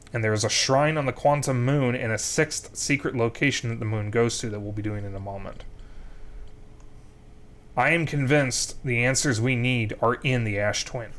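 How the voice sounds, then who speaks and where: Playing through a game, a young man narrates out loud, going over the plot and working out what to do next. He speaks at a medium pitch, slightly bright, in a relaxed streamer manner.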